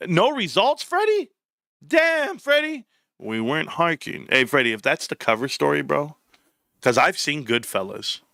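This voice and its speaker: A man's voice: fairly high pitch, sing-song, measured pace, gravelly, no echo, clean studio sound. A man hosting a live stream in casual chat, rambling, joking and swearing a lot. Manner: profane, rambling, joking, laughs loudly.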